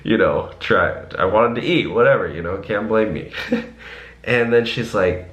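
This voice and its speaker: A man's voice: lowish voice, a little slow, fairly bright tone, echoey room. A man, a rideshare driver, casually telling a rambling story to camera with many fillers and restarts.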